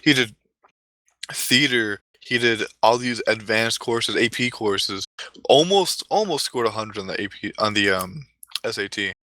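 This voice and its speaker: Brief: male comic storyteller, offhand and rambling; low-ish, bright, dry. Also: measured pace, dry recording, rough recording. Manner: rambling, offhand, with fillers and asides. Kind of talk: casual comedic storytelling.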